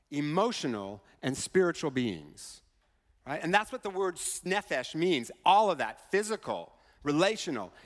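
A man preaching a conversational sermon as a pastor, often checking in with a quick "right?" as he talks. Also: sits high, in a large hall. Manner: conversational, keeps asking "right?".

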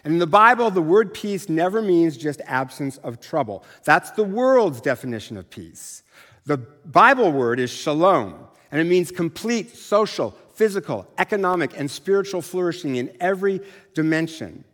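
A man's voice: on the high side, very animated, normal speed, fairly bright tone. A middle-aged man preaching a sermon in a conversational, self-deprecating way. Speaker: pastor. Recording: long reverb of a large hall.

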